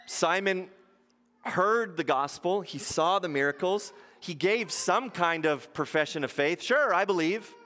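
A man's voice: fairly high pitch, unhurried, sharp tone. A man preaching a sermon as pastor, posing rhetorical questions and acting out quotes in shifting voices. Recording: long hall reverb.

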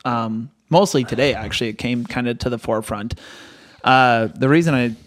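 Mid-pitched pastor, reflective casual co-host, dry close mic. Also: male voice, moderate pace, no room sound. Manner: thoughtful, hesitant restarts, talks through ideas.

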